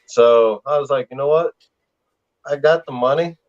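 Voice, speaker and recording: A man's voice: mid-range voice, moderate pace. A man with a Southern accent, hosting a casual livestream chat and telling stories in a laid-back way. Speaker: livestream host. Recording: slightly dull lo-fi sound.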